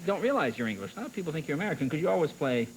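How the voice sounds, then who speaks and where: A man hosting a talk show, bantering with quick jokes and interjections. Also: fairly high pitch, sing-song. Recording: noisy studio recording.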